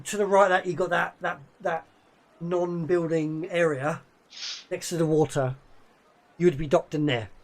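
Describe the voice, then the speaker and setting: A man running a tabletop game as game master, describing scenes haltingly with many fillers. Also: fairly high pitch, fairly even intonation.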